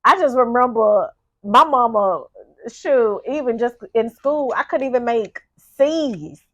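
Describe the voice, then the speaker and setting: Woman guest, lively storyteller. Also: on the high side, unhurried, no echo, dull audio. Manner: frequent affirming murmurs, animated storytelling. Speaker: podcast guest. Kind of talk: casual chat.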